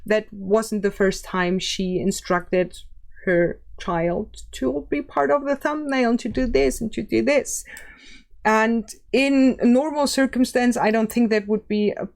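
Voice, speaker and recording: A woman YouTuber giving casual, measured commentary in a plain-spoken way. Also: on the high side, steady tone, vocal fry, a little mellow.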